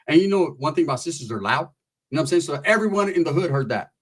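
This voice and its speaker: A man from California telling a profane story and acting out the people in it with animated voices. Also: a little high, fast, husky. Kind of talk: storytelling stand-up.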